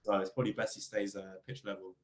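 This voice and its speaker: Fast-talking footballer, echoey room. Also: male voice. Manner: animated storyteller, rising pitch when telling funny stories. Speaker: football club captain, podcast guest. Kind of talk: casual interview chat. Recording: roomy echo.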